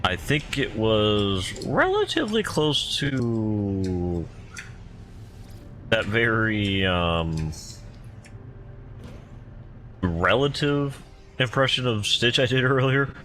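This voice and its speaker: A man's voice: lowish voice, very animated, slow, pushed and bright, soft background music. A man giving rambling, self-deprecating commentary while playing a video game. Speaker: gamer. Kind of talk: casual gameplay commentary.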